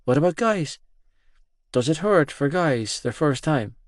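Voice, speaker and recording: A shy teenage girl in an audiobook, her voice pitched up and asking nervous, halting questions, as a male narrator puts her on. She speaks slowly, and the recording is close and dry. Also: expressive, no echo. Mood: nervous, curious. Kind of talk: audiobook dialogue.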